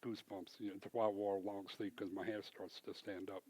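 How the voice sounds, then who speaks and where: A man giving a church testimony, an animated storyteller who acts out both sides of the conversations. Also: lowish voice, fairly quick. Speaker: small business owner giving testimony. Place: church sanctuary.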